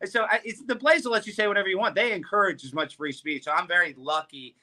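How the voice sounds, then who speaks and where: A man's voice: high voice, fast talker, bright, forceful tone. A man who is a guest on a talk show, speaking bluntly, brashly and profanely. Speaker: guest, political commentator. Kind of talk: casual talk show interview.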